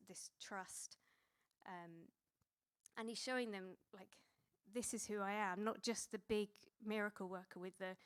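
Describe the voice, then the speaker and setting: A woman's voice: medium pitch, clean tone. A woman in her thirties preaching a sermon in a conversational way, with many fillers and restarts.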